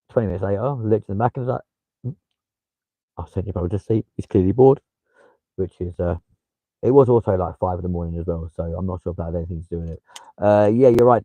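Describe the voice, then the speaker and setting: A man's voice: low voice, warm tone, no echo, low-quality recording. A young man with a London accent chatting casually on a livestream, swearing freely and replying to viewers. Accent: London English. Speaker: livestream host.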